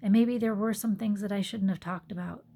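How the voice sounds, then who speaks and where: A woman's voice: mid-range voice, steady tone, fairly quick, creaky, a little hiss or hum. A woman yoga teacher talking earnestly into her phone in a reflective personal monologue, sometimes dropping to a whisper. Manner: earnest, soft-spoken, drops to whispered asides.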